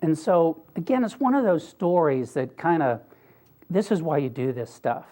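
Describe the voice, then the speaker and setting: A man's voice: fairly high pitch, lively intonation, normal speed, dark tone. An older man giving an earnest, conversational talk, telling a personal story with wry asides. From Pennsylvania, US. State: briefly choked up. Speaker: speaker.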